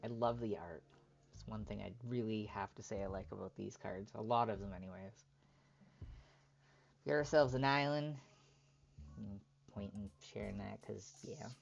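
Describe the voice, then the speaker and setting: Gravelly-voiced man streaming casually. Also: lowish voice, a little fast, highs cut off. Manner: reads card text aloud in a relaxed running commentary. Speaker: streamer opening card packs. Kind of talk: casual live-stream chat.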